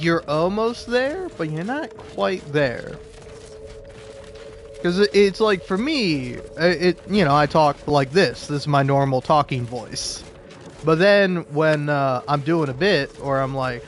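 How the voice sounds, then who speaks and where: A man giving casual commentary over a game playthrough, rambling with many restarts. His voice sits high and swings very widely. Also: very animated, slow pace, slight background noise. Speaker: gaming streamer.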